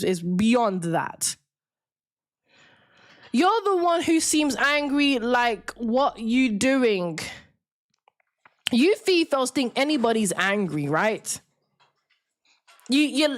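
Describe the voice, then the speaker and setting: A woman hosting a live-stream debate, talking in a combative, mocking, lecturing way to her viewers. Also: on the high side. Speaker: livestream debate host. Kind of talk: confrontational live-stream rant.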